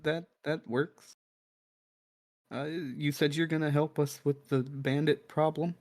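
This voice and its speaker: A jittery village leader stumbles over his words and repeats himself as he asks for help, as a man plays him. The voice sits a little high. The sound is dry and close. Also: steady tone, slow pace, darkish tone, no room sound. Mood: nervous. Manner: stammering, hesitant. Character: nervous stammering male village leader.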